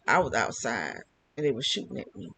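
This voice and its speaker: A man's voice: mid-range voice, huge pitch swings, fairly quick, vocal fry, bright, forceful tone, husky, low-quality recording. An older man talking alone to camera, rambling and often repeating and restarting his phrases. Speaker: vlogger. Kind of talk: casual monologue.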